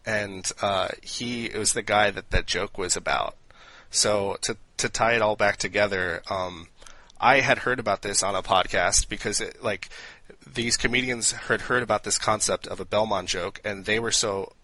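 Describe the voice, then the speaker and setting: A man with a low, bright, forceful voice chats on a podcast and tells old jokes with energy, padding his talk with "like" and "right". The sound is dry and close, with no room around him. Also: moderate pace, dry recording, rough recording. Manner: animated joke-telling with frequent fillers. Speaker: podcast co-host. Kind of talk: casual podcast chat.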